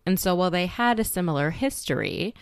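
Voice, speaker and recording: A woman with a slightly low voice talks with lively feeling as a podcast co-host. Her voice sounds dry and close, with no room echo. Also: fairly quick, clear, resonant tone. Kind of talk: casual chat.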